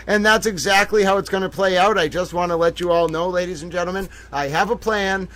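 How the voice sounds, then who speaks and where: Male stream host, high voice, mock-grand showman delivery with drawn-out exclamations, casual chat. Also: steady tone. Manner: playfully theatrical, addresses audience as ladies and gentlemen. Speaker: livestream host.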